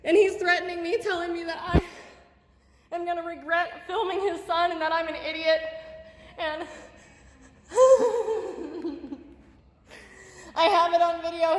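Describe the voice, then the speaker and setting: A panicking woman with a high voice talks loudly and tearfully into her phone, agitated in a heated confrontation. The recording is from inside an office with an echoey, long reverb, and a faint hiss sits behind her. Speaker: tenant making a complaint. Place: indoors, apartment complex office. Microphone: phone camera.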